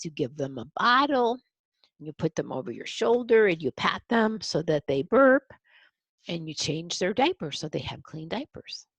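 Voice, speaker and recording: A woman reads a children's picture book aloud and stops to talk through each picture. Her low voice is husky with a gravelly edge and moves up and down a lot. The sound is dry and close. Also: very animated, moderate pace, dry recording. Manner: explains the pictures to young listeners. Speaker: storybook reader.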